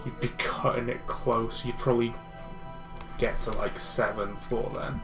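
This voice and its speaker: A man's voice: mid-range voice, flat delivery, normal speed, over music. A man playing a tabletop game, talking hesitantly and stammering as he works out timings. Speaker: player. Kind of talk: casual tabletop game play.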